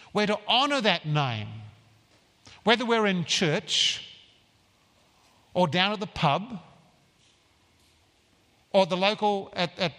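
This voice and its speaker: A man preaching a sermon in a church, earnest and emphatic, stressing phrases slowly. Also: high-pitched, bright, forceful tone, in a large hall.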